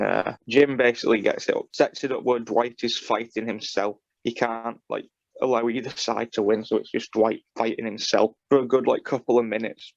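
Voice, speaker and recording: A man with a gravelly voice talks as a podcast co-host, rambling loosely and filling gaps with many fillers. The sound is dry and a little dull, like a lo-fi home setup. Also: mid-range voice, no room sound. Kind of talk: casual chat.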